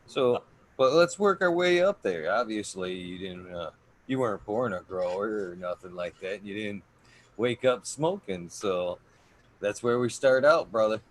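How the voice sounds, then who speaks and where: A man's voice: on the low side, animated, unhurried. A man hosting a casual podcast interview, asking loose, rambling questions with some swearing. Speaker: podcast host.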